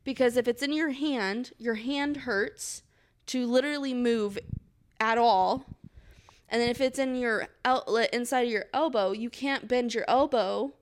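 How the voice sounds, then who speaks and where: A young woman co-hosting a podcast, telling a story in casual talk, swearing often and acting out quotes. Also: a little slow. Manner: swears often, acts out quotes in a high panicked voice. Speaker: podcast co-host.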